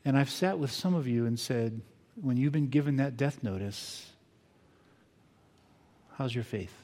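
An older man preaching a sermon as pastor, earnest and reflective, moving between quiet pauses and emphatic bursts. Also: mid-range voice. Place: church sanctuary. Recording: long hall reverb.

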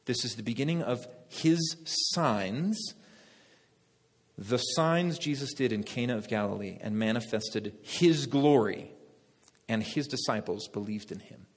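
A male pastor preaching a sermon, lively, talking directly to the congregation. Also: mid-range voice, measured pace, husky. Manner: lively, talks to the congregation, laughs at own jokes. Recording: long reverb of a hall.

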